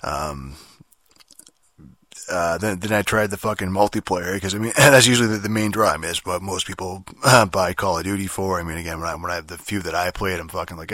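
Deep-voiced guy ranting with constant swearing. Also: steady tone, a little fast, bright, forceful tone, dry recording, clean studio sound. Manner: rambling, profane, frequent fillers and restarts. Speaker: game reviewer. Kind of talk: casual spoken game review rant.

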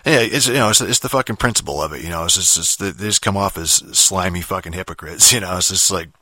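A man's voice: low-pitched, quick pace, pushed and bright, dry recording. A man ranting in a casual monologue, swearing constantly and restarting sentences as he rambles. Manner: profane, rambling, many restarts and fillers. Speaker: podcaster.

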